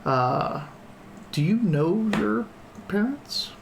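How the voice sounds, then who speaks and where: A man's voice: high voice, animated, very slow, gravelly, noisy background. A man acting as game master, narrating the game in a casual, rambling way with lots of fillers. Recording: echoey room.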